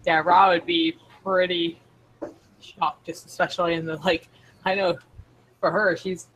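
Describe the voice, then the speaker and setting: A man's voice: high-pitched, flat delivery, unhurried, fairly bright tone, a little hiss or hum, poor audio. A man playing a tabletop game, rambling casually about his character's reaction. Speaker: player.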